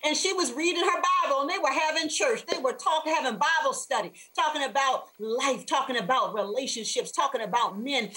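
A woman author, a guest on an interview show, telling a faith-filled personal story in an animated, expressive way. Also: sits high, fairly quick, few pauses, rough recording.

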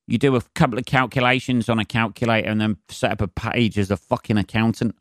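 A man's voice: fairly low pitch, steady tone, fast talker, no echo, clean studio sound. A man hosting a solo comedy podcast, ranting in a sweary, sarcastic and rambling way. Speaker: podcast host.

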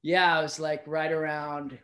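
A man guesting on a podcast tells a personal story in relaxed conversation, his voice fairly high and his pace measured. He's animated, swears freely, and keeps asking "you know what I mean."

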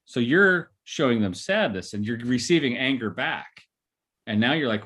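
A man's voice: medium pitch, sing-song, normal speed, fairly bright tone, breathy edge. A man, a therapist, explaining an idea in casual podcast talk, often checking in with "right?" and "you know". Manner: acts out quoted voices.

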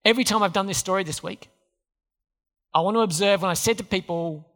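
A man's voice: sits high, fast talker, a bit bright. A man preaching a sermon in a church, talking conversationally and quizzing the congregation with questions. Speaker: pastor. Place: church hall. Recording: hall reverb.

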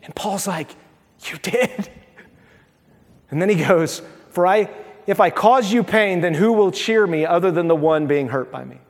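A man preaching with a high-pitched voice, his words hanging in the long reverb of a large hall. He is a pastor in full sermon mode, animated, slipping into the voices of the people he quotes. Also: normal speed.

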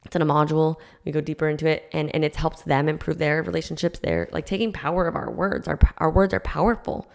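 A woman's voice: low voice, flat delivery, fast, creaky. A woman hosting her own podcast as a life coach, talking in an earnest, reflective, casual way with frequent restarts. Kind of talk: casual solo podcast talk.

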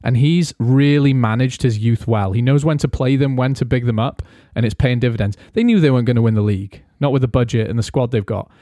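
A man's voice: medium pitch, fairly quick, few pauses, no room sound. A man co-hosting a casual sports podcast, talking animatedly and swearing freely. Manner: animated, swears freely, slips into mock quotes. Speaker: podcast co-host.

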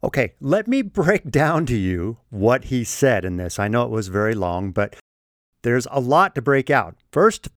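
This podcast host speaks unhurriedly in a mid-range voice, with no echo on the recording. Close to the microphone, he delivers his own emphatic, opinionated monologue with animated energy, often chuckling at his own jokes.

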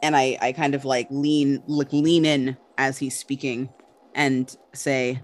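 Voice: medium pitch, little pitch movement, slow. A tabletop player describing their actions with many fillers and restarts. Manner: hesitant, filler-heavy, reflective.

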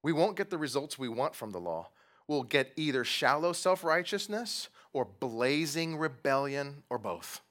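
Very animated but speaking a little slowly, a young adult pastor with a high-ish, fairly bright voice gives a relaxed sermon in church. He pokes fun at himself and asks the congregation questions in a conversational way.

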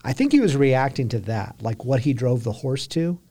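A man's voice: mid-range voice, big pitch swings, normal speed, mellow. A man co-hosting a casual book discussion in an easygoing, agreeable way, often hedging what he says.

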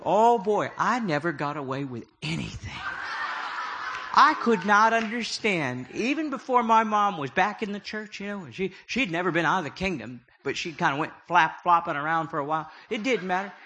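A man's voice: high voice, expressive, moderate pace, pushed and bright, breathy edge. A middle-aged man preaching a humorous sermon, telling stories with jokey, self-deprecating asides. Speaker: prophetic speaker.

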